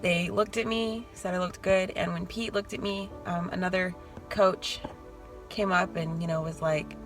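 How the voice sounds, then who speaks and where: A woman's voice: on the low side, fairly even intonation, normal speed, low-quality recording. Chatty emotional woman vlogging, music behind. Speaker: bodybuilding competitor vlogging her show day. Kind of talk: casual vlog talk to camera. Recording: background music and crowd chatter.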